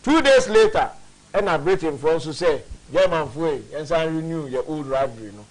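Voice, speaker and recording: Male host, fairly high voice, emphatic and expansive delivery, history talk. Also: lively intonation, moderate pace, poor audio. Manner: expansive and emphatic, mixing Twi with English. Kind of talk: conspiracy history discussion.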